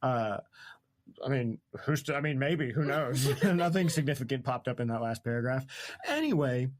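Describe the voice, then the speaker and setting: A man's voice: mid-range voice, sing-song, moderate pace. A man hosting a podcast, retelling a book in casual chat, joking and laughing often and trailing off mid-sentence. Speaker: podcast host.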